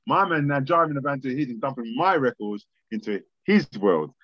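Animated man telling stories. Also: mid-range voice, brisk, no room sound. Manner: lively storyteller, swears freely, acts out conversations. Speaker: podcast guest. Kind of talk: animated storytelling interview. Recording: dry, slightly dull podcast audio.

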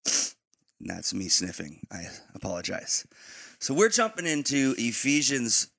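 A man co-hosting a faith podcast in casual chat, slightly raspy in the morning, rambling and informal. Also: mid-range voice, very animated, unhurried, sharp tone, dry recording. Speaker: podcast co-host.

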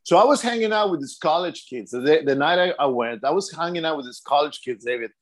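A young man with a fairly high voice rambles through a story on a casual podcast. He stumbles and restarts often and keeps dropping in "man.". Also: expressive, fast talker. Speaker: podcast co-host. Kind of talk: casual chat.

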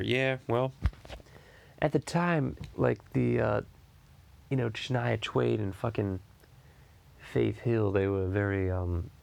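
A man's voice: mid-range voice, vocal fry. A man in his thirties hosting a podcast in casual chat, rambling with lots of restarts and free swearing. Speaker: podcast host.

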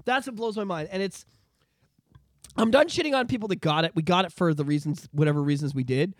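Man from Canada, high-pitched, dry close sound, animated swearing rant, podcast host. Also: fairly quick, no echo. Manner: animated, profane ranting with repetitions. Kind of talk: casual political chat.

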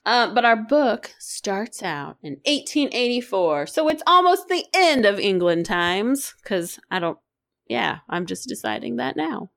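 A woman's voice: fairly high pitch, unhurried, vocal fry. A woman with a sore throat co-hosting a casual book chat, joking and swearing as she sums up the story. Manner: animated, swears casually, jokey asides. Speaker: podcast co-host.

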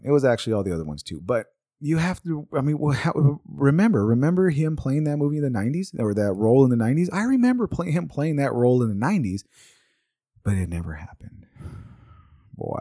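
Man in his 30s, lowish mellow voice, dry close sound, loose swearing ramble. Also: dry recording. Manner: rambling and profane, with exasperated asides. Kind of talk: casual monologue.

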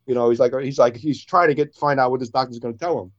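A man telling jokes casually on a show he co-hosts. He tells them in an animated way, raising his voice for each character's lines. The sound is dull and lo-fi. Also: fast talker. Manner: animated storyteller, jumps higher for characters' lines.

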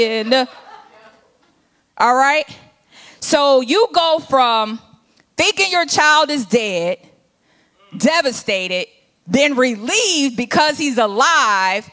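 A woman with a high voice preaches in a conversational, animated way, speaking. She slips into short acted-out scenes from the scripture as she goes. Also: unhurried. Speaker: minister. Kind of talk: sermon.

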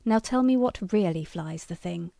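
Woman reading a blunt, skeptical old colonel, mellow dry voice. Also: fairly low pitch, expressive, normal speed, no echo. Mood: gruff. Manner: blunt, gruff. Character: gruff skeptical older male colonel.

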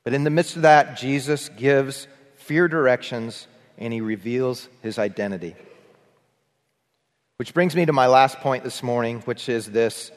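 A man's voice: medium pitch, measured pace. A man preaching a sermon as pastor, earnest, with shifting emphasis, sometimes having the congregation repeat phrases after him. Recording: long hall reverb.

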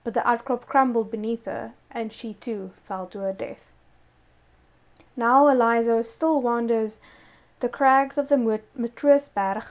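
A woman's voice: on the high side, steady tone, a little slow. A woman telling a local ghost story in casual chat, breaking off to explain words. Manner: reads a story with laughing asides.

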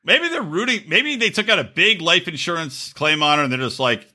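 A man's voice: on the high side, animated, a little fast, pushed and bright. A man co-hosting a podcast in casual, crude, jokey chat. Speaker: podcast co-host.

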